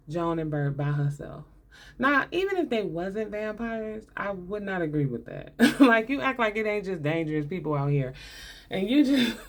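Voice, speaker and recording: A woman giving a casual, sarcastic movie breakdown, laughing often and talking in loose, colloquial speech. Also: on the low side. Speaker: movie commentator.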